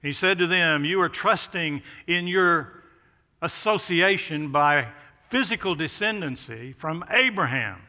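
A man's voice: fairly high pitch, expressive, measured pace, pushed and bright. A man preaching an expository sermon, stressing contrasts with rising emphasis. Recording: long hall reverb.

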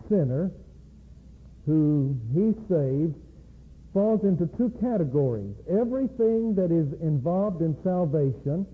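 Male preacher, slightly high, husky, slow and deliberate; thin phone-like audio. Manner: slow, measured, deliberate emphasis. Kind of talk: evening sermon. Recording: tinny phone-like lo-fi recording.

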